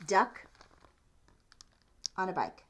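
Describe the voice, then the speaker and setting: Unhurried woman reading a picture book aloud. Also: medium pitch, huge pitch swings, husky. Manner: unhurried, asks the listener questions about the pictures. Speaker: storytime reader.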